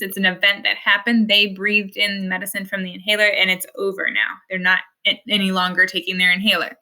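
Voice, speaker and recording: Bright-voiced woman teaching step by step. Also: mid-range voice. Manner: patient, step-by-step explaining. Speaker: Spanish teacher. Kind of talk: explaining slides in a recorded lesson.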